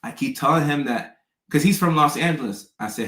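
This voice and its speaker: A man's voice: fairly high pitch, brisk, bright, forceful tone. Chatty man in an echoey room. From American South. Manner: chatty, storytelling, repeats words and restarts. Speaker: host. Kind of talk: casual chat.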